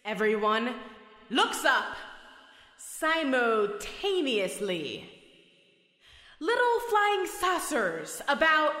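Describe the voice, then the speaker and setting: A woman performing a spoken-word poem, slow and dreamy with hypnotic repetition. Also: high voice, bright, forceful tone. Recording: heavy reverb, long echoing tail.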